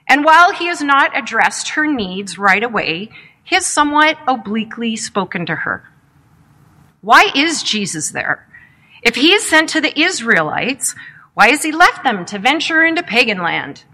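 Bright, higher-pitched woman preaching a sermon. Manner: reflective, measured storytelling with rhetorical questions.

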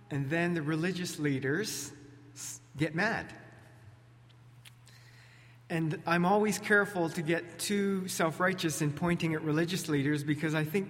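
A male pastor delivers a sermon into a pulpit microphone, sounding relaxed and conversational and slipping in small jokes and restarts. His voice sits a little high for a man. A long reverb from the large church sanctuary trails each phrase.

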